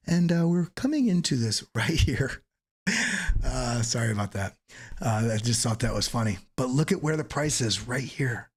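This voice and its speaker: A man hosting a live crypto trading stream, joking and energetic as he walks through charts, swearing casually now and then. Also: mid-range voice, normal speed, husky. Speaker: crypto trading channel host.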